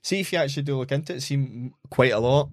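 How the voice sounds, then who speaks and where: A man's voice: medium pitch, fast, dry recording, studio quality. Matter-of-fact Scottish man. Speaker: podcast co-host. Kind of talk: casual chat.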